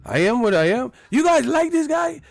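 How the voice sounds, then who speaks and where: A man doing an impression of a loud, hyped-up older boxing father, high-pitched and shouting. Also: big pitch swings, normal speed, gravelly, dry recording, exaggerated voice.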